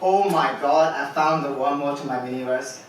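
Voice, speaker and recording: A man's voice: fairly high pitch, normal speed, slight background noise. A man performing a spoken word poem on an open mic stage, anxious and ironic, questioning himself. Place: poetry club stage, live audience. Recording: very echoey club room from far off.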